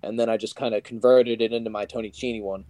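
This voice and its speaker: A man's voice: fairly low pitch, steady tone, quick pace, mellow, dry recording. A young man, a guest pro wrestler, telling stories in a casual interview, rambling with lots of likes and you-knows.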